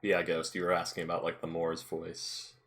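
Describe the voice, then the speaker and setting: A man's voice: low-pitched, monotone, normal speed, fairly bright tone. A man chatting casually as game master before a tabletop game session, laughing often. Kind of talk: casual pre-session chat.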